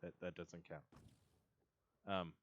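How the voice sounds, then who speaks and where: A man's voice: low-pitched, level tone, slow, a bit bright, highs cut off, slight background noise. A man streaming a block-building game, rambling in a self-amused way and chatting to the creatures he meets. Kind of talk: casual gameplay commentary.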